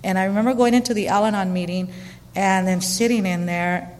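Woman, middle-aged, candid storytelling, chatty and animated, long reverb. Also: medium pitch, a little fast. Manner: chatty and animated, frequent fillers and quoted dialogue. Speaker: storyteller sharing her recovery story.

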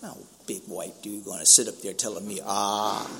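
A man's voice: sits low, steady tone, brisk, fairly bright tone, a little hiss or hum. A man from San Francisco giving a personal recovery talk, speaking casually with street slang, often saying "man" and acting out dialogue.

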